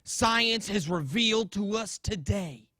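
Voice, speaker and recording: A man doing an impression of a smug, preachy middle-aged TV science-show host, lecturing in a slow, deadpan way. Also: high voice, no echo, studio quality, pitched above the performer's own voice, full character voice. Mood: mock lecturing. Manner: slow mock-lecturing, deadpan absurd claims. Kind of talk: comedic impression.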